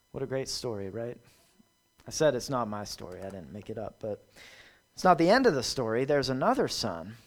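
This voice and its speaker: Brief: male preacher, mid-pitched, emphatic repeated phrases, sermon delivery.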